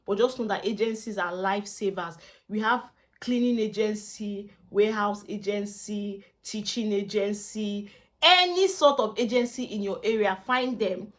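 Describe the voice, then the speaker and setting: A woman's voice: mid-range voice, moderate pace. Nigerian girl vlogging student tips, chatty, repeats stuff, bits of pidgin. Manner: chatty, repeats herself, mixes in pidgin asides. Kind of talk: casual advice vlog.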